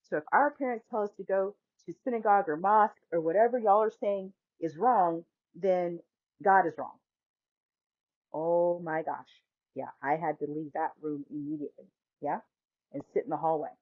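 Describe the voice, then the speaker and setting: A woman in her forties hosting a podcast, telling a story in a lively way and acting out the voices she quotes. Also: lowish voice, normal speed, no room sound. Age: 40s. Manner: animated, acts out quoted voices, laughs often. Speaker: podcast host. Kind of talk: storytelling monologue. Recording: dry, phone-like line.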